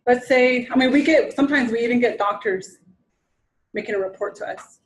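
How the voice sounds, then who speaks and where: A woman's voice: fairly high pitch, fairly quick, rough recording. Woman trainer lecturing conversationally. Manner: conversational, restarts sentences, acts out quotes. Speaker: presenter at a training session. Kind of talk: informal lecture to an audience.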